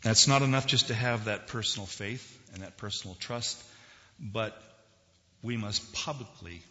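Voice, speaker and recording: A man delivers a conversational sermon, his voice bright and forceful as it rings through a church sanctuary with a long reverb tail. He swings between loud, quick bursts and slow, drawn-out emphasis. The recording itself is dull and lo-fi. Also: lowish voice. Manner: conversational, dramatic swings in loudness and pace. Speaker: preacher.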